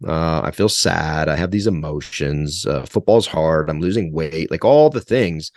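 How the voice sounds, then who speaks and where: A man in his forties speaks as an interview guest in a very low voice. He tells his stories loosely, with lots of restarts, and grows animated as they go. The recording is dry and close. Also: a little slow, no echo. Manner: rambling, many restarts, animated when telling stories. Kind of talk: conversational interview storytelling.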